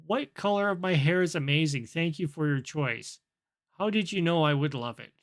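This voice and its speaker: A woman's voice: deep voice, lively intonation, moderate pace. A man voicing a cheerful female AI companion chatbot that answers in a sweetly agreeable, vague way.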